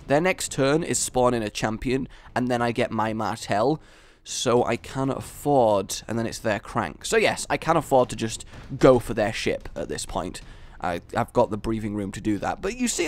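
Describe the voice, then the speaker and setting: Animated young man commentating gameplay. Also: medium pitch. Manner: animated, with loud triumphant outbursts. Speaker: gaming video host.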